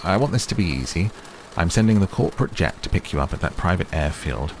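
A man's voice: low voice, lively intonation, fast, darkish tone, a little hiss or hum. A man voicing an old male tycoon who is cheerful, persistent and talks over others, read as an audiobook character. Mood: brisk.

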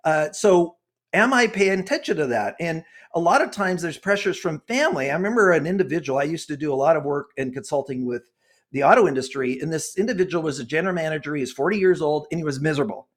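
Brief: impassioned older man, sixties, high voice, preachy interview guest. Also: lively intonation, fast. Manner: impassioned, preachy, gets worked up. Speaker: guest author and consultant. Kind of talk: earnest interview talk.

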